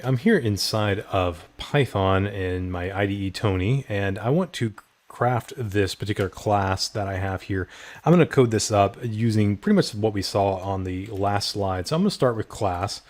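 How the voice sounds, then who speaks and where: A middle-aged man teaching programming, walking through code step by step with frequent filler words. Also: fairly low pitch. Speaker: programming instructor. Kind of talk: screen-recorded coding tutorial.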